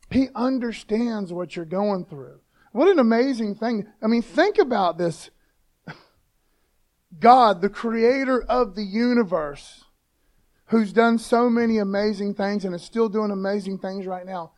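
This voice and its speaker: A man preaching a sermon in a conversational, slangy way, often calling listeners "man" and rising to loud emphatic scripture reading. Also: high voice. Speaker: pastor.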